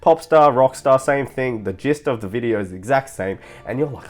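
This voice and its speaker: A man who coaches people on their social life, telling stories in a casual, animated way, laughing and swearing as he goes. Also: mid-range voice, moderate pace, few pauses, soft background music. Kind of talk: casual storytelling monologue.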